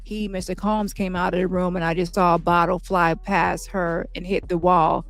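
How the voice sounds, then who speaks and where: A woman reading the part of a man testifying in court, recounting events in a plain, halting way, with faint music behind. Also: fairly low pitch, level tone, close to an everyday voice. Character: shaken male witness testifying at trial.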